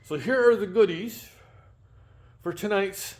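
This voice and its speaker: A man's voice: high voice, expressive, unhurried. A man hosting a casual home cooking vlog, chatty and rambling with frequent ums and restarts. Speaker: home cooking show host.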